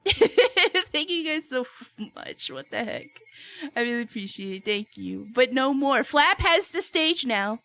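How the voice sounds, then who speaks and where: A young woman streamer chatting casually with her viewers, giggly and playful, loudly reacting to chat. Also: sits high, sing-song, measured pace, dry recording.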